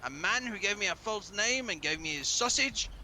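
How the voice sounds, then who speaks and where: A man's voice: sits high, animated, moderate pace, pushed and bright, a little hiss or hum, heavily acted, low-quality recording. A man voicing a brash, foul-mouthed English lady driver who calls everyone darling, in game roleplay. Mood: self-pitying.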